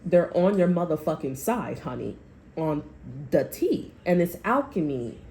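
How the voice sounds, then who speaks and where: A tarot reader with a low-pitched, dark voice speaks at a measured pace in a sing-song way. Her casual reading rambles bluntly, loaded with swearing and repeated phrases.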